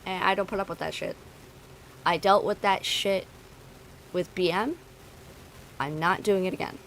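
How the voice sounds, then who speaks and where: A woman's voice: fairly low pitch, fairly even intonation, measured pace, vocal fry, a bit bright, slight background noise, rough recording. A woman streamer talking to her chat, venting bluntly and swearing freely. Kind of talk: casual talk to stream chat.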